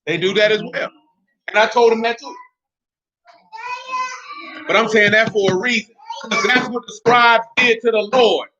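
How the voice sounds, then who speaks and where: Blunt male Bible teacher, high and bright, slangy and emphatic, on a dull lo-fi recording. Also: fairly even intonation, normal speed, pauses often, slight background noise.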